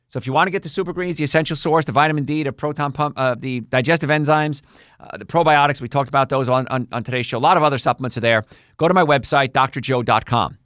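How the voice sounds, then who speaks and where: A middle-aged man hosting a health podcast as a chiropractor, talking energetically and pitching his practice. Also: fast talker, dry recording, studio quality. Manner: energetic, salesy, acts out patients' voices. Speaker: chiropractor and health show host. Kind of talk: solo health podcast monologue.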